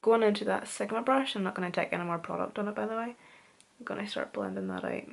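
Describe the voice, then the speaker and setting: This young beauty vlogger from Northern Ireland talks fast in a medium-pitched, sing-song voice with vocal fry. Chatting through a makeup tutorial, she's self-deprecating and casual, says "wee" a lot, and sounds like she's catching up with a friend.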